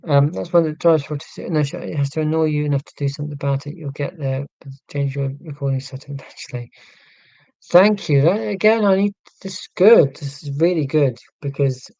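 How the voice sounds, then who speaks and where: A man's voice: on the high side, a little fast, vocal fry, dark tone, no echo, low-quality recording. A man from southern England hosting a casual live stream, reading chat and musing in a tangential, self-deprecating way. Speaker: livestream host reading chat.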